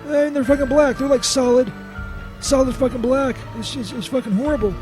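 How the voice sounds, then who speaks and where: In a comedy radio bit, a male co-host speaks fairly quickly in a very high-pitched, steady voice, playing a whiny, beaten-up male saint. The character swears, stammers and stays constantly bewildered, with loud music in the background.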